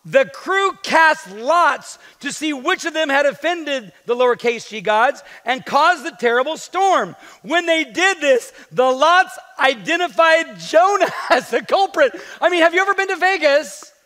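A man preaching with a strikingly high, bright, forceful voice that rings through a church with a long echo. He jokes and teases the congregation between points of his sermon. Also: unhurried, hardly any pauses. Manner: lively, joking preacher with playful asides. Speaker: pastor. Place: church sanctuary. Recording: long hall reverb in a church.

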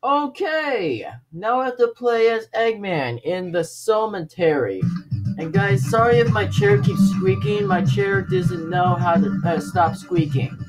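A man giving excitable gameplay commentary, laughing often and shouting his reactions at the game. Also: sits high, a little slow. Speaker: let's play gamer. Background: game music.

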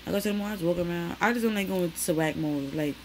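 A young woman, chatting to camera in her small bedroom, slangy and animated as she tells stories. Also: fairly low pitch, quick pace, a little hiss or hum, low-quality recording. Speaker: vlogger. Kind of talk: casual chat to camera.

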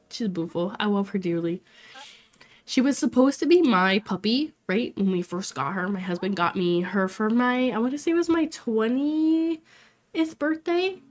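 Bubbly chatty young woman streamer. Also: a little high. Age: 20s. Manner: bubbly, chatty, laughs often. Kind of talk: casual livestream chat while playing.

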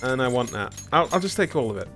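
This gaming streamer talks fast, his medium-pitched, somewhat bright voice swinging widely in pitch. Soft music plays behind him as he rambles, pokes fun at himself, and jokes with his chat in a British accent during casual let's-play commentary.

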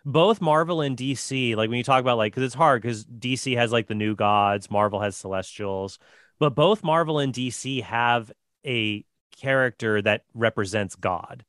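A man guest on a podcast chatting casually, talking fast with lots of fillers and restarts, enthusiastic about comic books. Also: medium pitch, a bit bright, no room sound, clean studio sound. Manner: fast, rambling talk full of fillers and restarts; enthusiastic comic-book fan.

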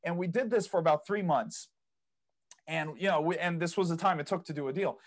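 A man's voice: a little high, a little fast. A man guesting on a podcast, telling stories about property investing, acting out people's reactions and laughing at his own tales. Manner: storytelling, acts out other people's quoted reactions. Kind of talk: casual interview chat.

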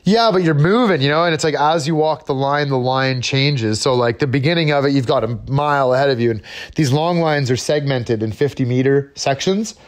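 A man's voice: mid-range voice, brisk. A laid-back man, a podcast guest, chatting casually, swearing freely and trailing off mid-sentence. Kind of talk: casual chat.

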